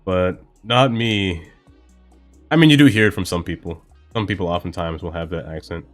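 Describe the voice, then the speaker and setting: Deep-voiced man chatting over gameplay. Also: animated, quick pace, faint music behind. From Brooklyn, New York. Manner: rambling, thinks aloud with many fillers. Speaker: game streamer. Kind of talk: casual gameplay commentary chatting with viewers.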